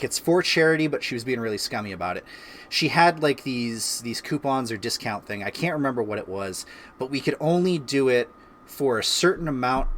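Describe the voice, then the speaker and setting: A man's voice: mid-range voice, a bit bright, slight background noise. Rambling man in his thirties chatting. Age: 30s. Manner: rambling storyteller, many restarts and chuckles. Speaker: streamer host. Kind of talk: casual chat. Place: home, by a fireplace.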